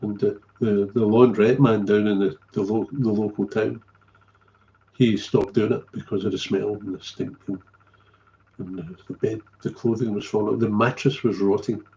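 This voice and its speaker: A man's voice: on the low side, steady tone, normal speed, warm tone, lo-fi sound. A middle-aged man, telling a candid story as a recovery sponsor, blunt and swearing freely, often trailing off and repeating himself.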